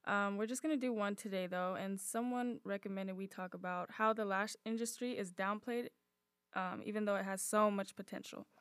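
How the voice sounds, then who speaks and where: A woman's voice: medium pitch, fairly even intonation, moderate pace, a bit bright, clean tone, no room sound, studio quality. A young woman co-hosting a podcast, talking easily in casual chat with many fillers. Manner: easygoing, thoughtful, many "um" and "like" fillers. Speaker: podcast co-host.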